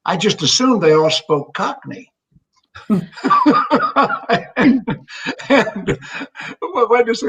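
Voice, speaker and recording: A man's voice: high-pitched, sing-song, slow, long pauses. A man from the United States trading self-deprecating jokes on a video call. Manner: jokey, self-deprecating, laughs loudly at own jokes. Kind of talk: casual group chat on a video call.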